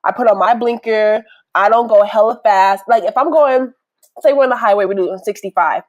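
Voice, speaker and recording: A young woman hosting a podcast in casual chat, lively and quick to laugh, acting out what other people said. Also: medium pitch, dry recording, highs cut off. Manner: animated, laughs often, acts out what others said. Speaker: podcast host. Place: indoors, with family nearby.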